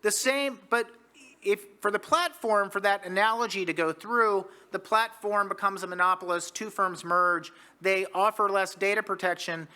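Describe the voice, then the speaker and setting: A man from the United States gives an economics lecture at a conference, with a high voice for a man and a bright, sharp tone. He argues briskly and keeps throwing rhetorical questions at the audience. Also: steady tone, clear, resonant tone. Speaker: economics professor, panelist. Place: conference hall.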